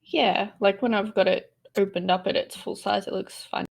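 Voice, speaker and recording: A woman's voice: medium pitch, steady tone, normal speed, gravelly. A woman player at a tabletop game, chatting casually in brief, friendly replies.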